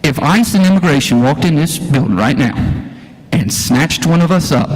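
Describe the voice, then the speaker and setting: A man's voice: sits high, expressive, normal speed. A man giving an impassioned, folksy speech at a town hall, firing rhetorical questions at the crowd. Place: church hall, live event.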